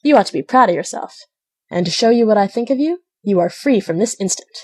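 A woman voicing a jovial grown-man farmer in a storybook reading, speaking with hearty warmth. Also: mid-range voice, expressive, fairly quick, natural voice. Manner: jovial, pleased.

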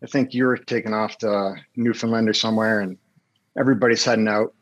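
A man telling relaxed anecdotes in casual chat, with fillers and asides. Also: fairly low pitch, fast talker, rough recording. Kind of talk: casual storytelling.

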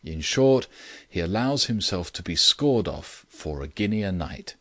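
A man voicing an exultant gentleman who speaks in a grand, chanting way with slow emphasis. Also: deep voice, lively intonation, no echo, exaggerated voice.

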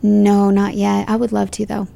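A woman actress talking about her work in an interview, chatty and expressive, laughing easily. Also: medium pitch, normal speed, vocal fry. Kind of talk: casual interview conversation.

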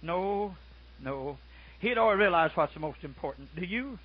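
An older man preaching a folksy sermon, dropping to soft murmurs and then shouting out his stories. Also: high voice, expressive, moderate pace. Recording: muffled lo-fi recording.

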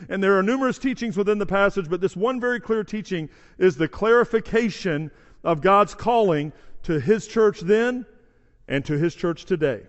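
A man's voice: high voice, long reverb tail. A man preaching a sermon in a conversational way, acting out the voices of bystanders in the story. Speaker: pastor. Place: church sanctuary.

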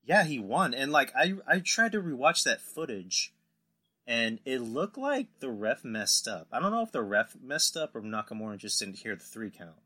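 A man's voice: medium pitch, moderate pace. A man hosting a podcast in casual chat, telling stories animatedly and acting out what others said. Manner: animated storytelling, acts out quotes. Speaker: podcast host.

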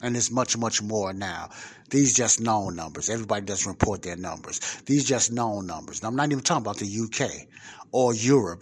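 A man's voice: on the low side, a little hiss or hum. A man hosting a podcast, giving emphatic commentary and putting questions straight to the listener. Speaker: podcast host. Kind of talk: casual commentary on a played clip.

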